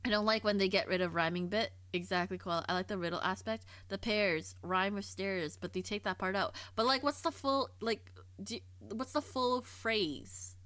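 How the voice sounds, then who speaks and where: A woman streamer chatting casually on a livestream, curious and quick to laugh, often stumbling and repeating herself as she thinks aloud. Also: medium pitch, fairly bright tone, dry recording. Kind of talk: casual livestream chat, reading and answering chat.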